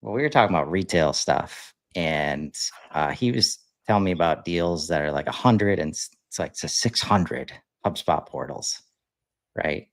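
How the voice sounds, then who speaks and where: A man's voice: deep voice, moderate pace, no room sound. A man co-hosting a podcast, chatting casually with plenty of fillers and restarts. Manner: relaxed, rambling, lots of fillers. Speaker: podcast co-host. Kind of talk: casual chat.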